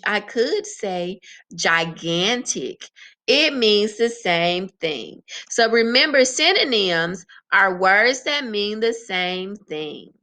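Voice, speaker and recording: A woman teacher giving a slow, sing-song vocabulary lesson to young children. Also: medium pitch, sharp tone.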